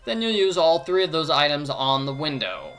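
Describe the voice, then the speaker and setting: Faint music sits behind a man walking through an adventure game let's play style, cracking jokes, doing voices, and explaining steps playfully. His fairly high voice swings widely in pitch, with a fairly bright tone and normal speed.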